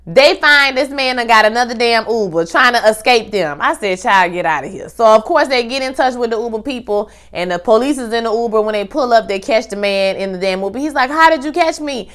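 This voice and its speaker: A young woman recapping a TV episode in a casual, animated way, acting out the characters' lines and throwing in slangy asides. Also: on the high side, brisk, hardly any pauses. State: pregnant. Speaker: TV recap host.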